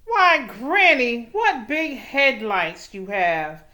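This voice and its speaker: A woman voicing a small, eager male scooter in a storybook, with a squeaky, bright way of talking. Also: very animated, drawn-out words, heavily acted. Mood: curious.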